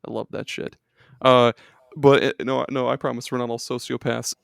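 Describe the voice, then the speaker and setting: Male podcast host, easygoing and jokey, gravelly tone, dry sound. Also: mid-range voice, little pitch movement, normal speed, no echo. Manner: laid-back, jokey, laughs often. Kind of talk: casual podcast chat.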